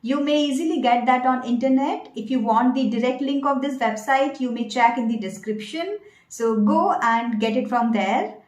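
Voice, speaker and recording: Higher-voiced woman teaching pronunciation, echoey room. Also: a little mellow. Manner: slow, deliberate, repeats each word for the learner. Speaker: English pronunciation coach. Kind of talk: online pronunciation lesson.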